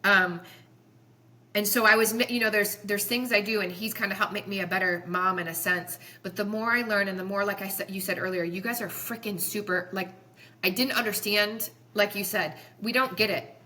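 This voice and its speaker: Woman in her 40s, chiropractor guest, bright voice, passionate and rambly. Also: mid-range voice, steady tone, moderate pace. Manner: earnest, passionate, rambling with restarts. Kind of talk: emotional podcast storytelling.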